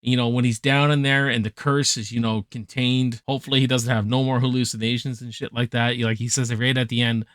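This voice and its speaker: A young man giving a casual, excited film review, swearing freely and packed with slang. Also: mid-range voice, brisk, hardly any pauses, no room sound, clean studio sound. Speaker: movie reviewer.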